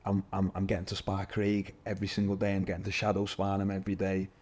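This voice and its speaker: Lively man telling stories. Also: low-pitched, fast talker. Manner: animated, swears, says "lad" constantly. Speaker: podcast guest, MMA fighter. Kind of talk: casual storytelling interview.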